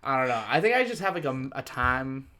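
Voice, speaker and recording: A man hosting a podcast in casual chat, joking and rambling as he lays out his own rules in quick bursts. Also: mid-range voice, sing-song, bright, forceful tone. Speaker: podcast host.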